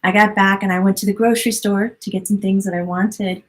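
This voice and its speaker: Animated woman hosting an interview. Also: medium pitch, brisk, low-quality recording. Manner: animated, expressive storytelling. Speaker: podcast host. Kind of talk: conversational interview.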